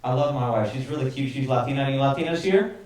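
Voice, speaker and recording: A man's voice: mid-range voice, fast, a little mellow, distant mic. A man from Dallas doing a crude stand-up set and laughing at his own jokes. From Dallas, Texas. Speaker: stand-up comedian. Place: comedy club stage before a live audience. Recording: echoey club mic with crowd laughter. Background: audience laughter.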